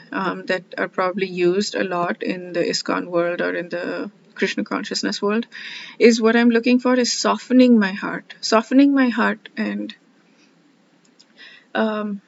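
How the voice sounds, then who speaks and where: A woman's voice: mid-range voice, creaky. A woman talking through her thoughts in a reflective personal vlog, rambling and heartfelt, often quoting her own thoughts. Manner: rambling, heartfelt, self-questioning; frequent fillers and restarts, quotes her own thoughts. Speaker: vlogger studying scripture. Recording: slightly dull lo-fi audio.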